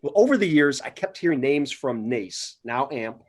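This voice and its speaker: A man's voice: mid-range voice, animated, moderate pace. A man co-hosting a podcast, telling a playful, exaggerated story to open the show. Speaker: podcast co-host. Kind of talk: casual storytelling intro.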